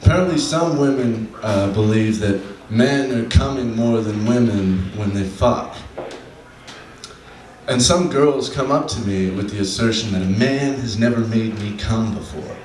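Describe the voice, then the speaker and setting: A man doing a stand-up comedy set on a club stage, deadpan, slowing down for his punchlines. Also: on the low side, slight background noise. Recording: echoey room from a distant mic, faint ambience.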